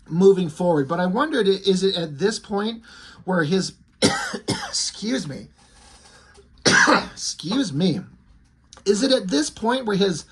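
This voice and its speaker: A man's voice: sits high, a bit bright, husky. A man talks his way through a comic book in a loose, unscripted style. He is blunt and swears freely, and he rambles from panel to panel. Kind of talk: casual comic book commentary.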